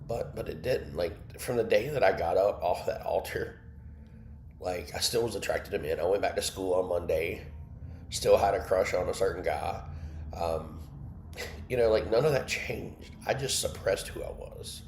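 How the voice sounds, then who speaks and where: Low-voiced man telling a personal story. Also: moderate pace, echoey room, slight background noise. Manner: candid, emotional storytelling with asides to chat. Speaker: host of an online Bible study. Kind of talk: personal testimony on a livestream.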